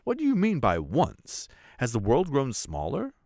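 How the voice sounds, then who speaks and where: A man doing an excitable arguing gentleman. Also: medium pitch, measured pace, no echo, studio quality, voice pushed up. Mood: argumentative. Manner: argumentative, insistent. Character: stubborn excitable gentleman card player.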